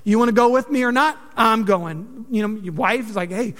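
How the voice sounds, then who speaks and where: A man preaching a sermon, conversational and joking, with animated delivery. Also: sits high, normal speed, big-room sound. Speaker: pastor.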